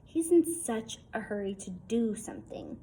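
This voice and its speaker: A woman's voice: medium pitch, huge pitch swings, moderate pace, creaky, mellow, slight background noise, rough recording. A woman reading a novel aloud in a casual, wry first-person storytelling tone. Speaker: audiobook reader.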